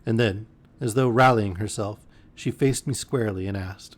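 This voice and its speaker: Male streamer, lowish voice, bedtime-story reading, expressive, with wry asides. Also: moderate pace. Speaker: streamer reading a novel aloud.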